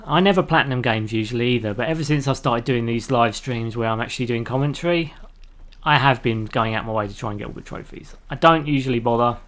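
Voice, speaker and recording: A man's voice: mid-range voice, gravelly, fairly bright tone. A man in the middle of a live gameplay stream, chatting with his viewers in a loose, rambling way. He laughs easily at his own jokes and drifts from one thought to the next. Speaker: live streamer playing a video game.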